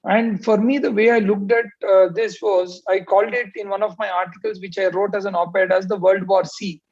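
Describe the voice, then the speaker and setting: A man's voice: high-pitched, steady tone, moderate pace, a little mellow. A man, a surgeon giving opening remarks on a panel over a video call, hesitant with many fillers but emphatic. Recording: muffled lo-fi call audio.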